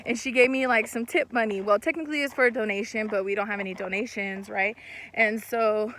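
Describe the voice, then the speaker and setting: A young woman in casual storytime talk, animated and swearing, acting out what people said. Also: a little high, fairly quick, a little hiss or hum. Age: young adult. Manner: animated, swearing, laughs mid-story, acts out quotes. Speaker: vlogger.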